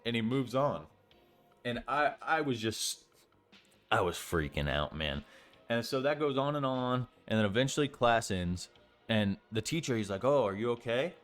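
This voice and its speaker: A young adult storytime vlogger tells a story casually, rambling with lots of fillers and swearing freely. His mid-range voice is expressive and a bit bright at a moderate pace, over soft background music.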